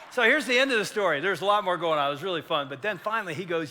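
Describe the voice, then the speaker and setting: An older man preaching a sermon, telling a story with lively acted-out dialogue and building to shouts. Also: sits high, fast. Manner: animated, acts out dialogue, rising to shouts at climaxes. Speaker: pastor. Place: church sanctuary. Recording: long church hall reverb.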